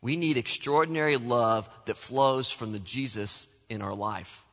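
A man preaching a sermon as pastor, animated, acting out the voices he quotes. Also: medium pitch, a little slow. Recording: long hall reverb.

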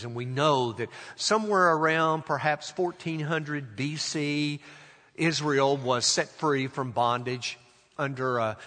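A male pastor preaching a sermon, telling stories and acting out the voices in them, slowing down for emphasis. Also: mid-range voice, bright, forceful tone. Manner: acts out voices in anecdotes, slows for emphasis. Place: church sanctuary. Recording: long hall reverb.

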